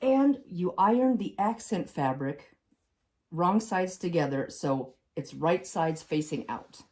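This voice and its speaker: Middle-aged woman, sewing tutorial host, lowish voice, chatty, upbeat, walks through steps. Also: expressive, takes it slowly, mellow, slightly rough. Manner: chatty, upbeat, explains step by step. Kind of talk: casual craft tutorial.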